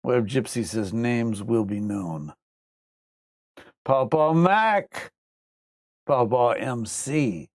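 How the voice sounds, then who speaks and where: A man's voice: medium pitch, expressive, extremely slow, pauses often, no room sound, clean studio sound. Rambling man on a livestream. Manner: rambling, conversational, drops into mock voices. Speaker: livestream host. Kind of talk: casual livestream chat, reading viewer comments.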